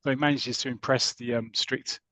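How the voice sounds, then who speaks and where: A British man on a podcast, chatting and retelling a comic story in a rambling, lively way. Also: mid-range voice, fairly quick, no echo. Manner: chatty, rambling, lively when reading out characters' lines. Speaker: podcast host. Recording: dull lo-fi audio.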